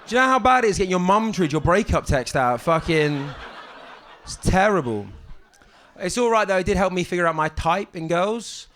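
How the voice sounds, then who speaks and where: A young man with a fairly high voice does a stand-up set at a comedy club mic. He talks in a halting, deadpan way, often stopping on ums and restarting sentences. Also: slight background noise.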